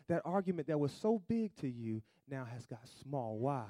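Man preaching, loud then hushed. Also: a little high, animated, normal speed, few pauses, dry recording. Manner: call-and-response preaching, swings from loud to hushed. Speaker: pastor. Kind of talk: sermon. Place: church.

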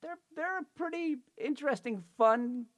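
A man's voice: very high voice, moderate pace, a bit bright. A man hosting a cooking show, chatting and joking with a guest and reading sponsor spots. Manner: chatty, joking, repeats phone numbers. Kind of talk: casual chat and ad read.

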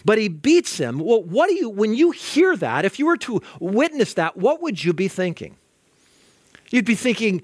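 A male pastor preaching a sermon in an animated way, acting out quoted voices and often repeating words as he starts a sentence. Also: sits high, moderate pace, dry recording, studio quality.

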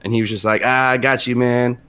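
A man tells crude stories from a fast-food job in a loose chat among friends. He swears freely and laughs through his words. He acts out quoted lines in put-on voices. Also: mid-range voice, fairly even intonation, sharp tone, clear, resonant tone. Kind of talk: casual crude storytelling chat.

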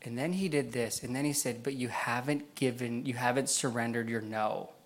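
A man's voice: medium pitch, moderate pace. Casual, chatty male pastor. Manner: casual storytelling, many fillers, laughs often. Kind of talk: sermon. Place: church.

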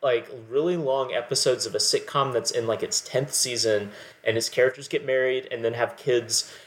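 A man's voice: medium pitch, normal speed. A man co-hosting a podcast, analyzing films in a rambling casual way, peppering his talk with "like". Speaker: podcast co-host. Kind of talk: casual film discussion.

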